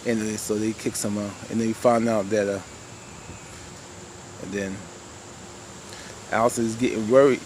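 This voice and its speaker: A man's voice: lowish voice, flat delivery, moderate pace, pauses often, background noise. Rambling man recapping with heavy fillers. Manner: rambling, many "you know" fillers, addresses viewers as "y'all". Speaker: TV show reviewer. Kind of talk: casual episode recap.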